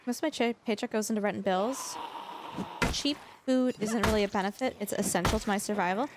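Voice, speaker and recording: A woman's voice: medium pitch, a little fast, very noisy. A woman chatting through a live game stream, rambling and gushing with lots of filler words. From Canada. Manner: gushing, effusive toward viewers. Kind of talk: live gameplay commentary.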